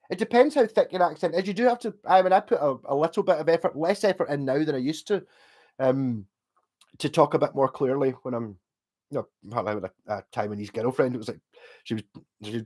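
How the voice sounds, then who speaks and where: Here a middle-aged man from Scotland, Glasgow accent and all, chats loosely while reading his livestream's comments. The voice sits mid-range with a darkish tone, and his meandering talk is sweary and filler-heavy.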